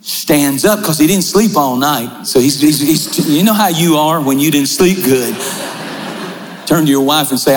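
A male pastor preaching a sermon in a large church, building to shouts and slowing for dramatic pauses. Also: fairly high pitch, background noise. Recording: large hall reverb with faint music.

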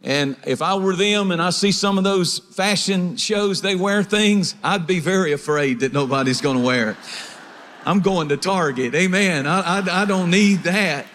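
Male pastor, humorous preacher, high voice, long reverb. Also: normal speed, a bit bright, slight background noise. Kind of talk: sermon.

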